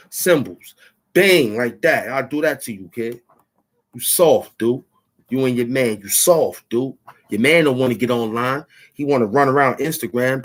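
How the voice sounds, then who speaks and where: Taunting man ranting to the camera. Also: mid-range voice. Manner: taunting, rambling, boastful. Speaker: channel host. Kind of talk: trash-talking rant at the camera.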